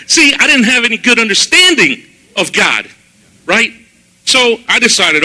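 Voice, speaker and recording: A man giving a personal testimony sermon at a church service, telling his story in an animated way and acting out his own past words. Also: high-pitched, a little slow, pauses often, rough recording.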